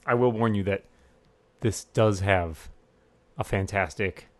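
Wry, lower-voiced man hosting commentary. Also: slow pace, no room sound. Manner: wry, joking. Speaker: podcast host. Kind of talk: casual movie commentary chat.

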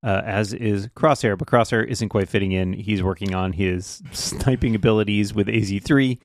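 A man's voice: on the low side, steady tone, moderate pace, dry recording. A man hosting a podcast, steering a casual discussion in a dry, easygoing way. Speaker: podcast host. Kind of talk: casual chat.

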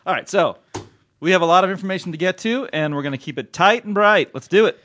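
Animated joking male podcast host. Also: sits high, quick pace. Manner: animated, joking, reads letters aloud with flair. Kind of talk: casual podcast chat.

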